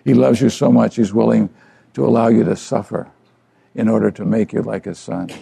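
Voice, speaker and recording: An older man, a pastor delivering an earnest, conversational sermon with a gravelly voice and repeated phrases. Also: lowish voice, fairly quick, mellow.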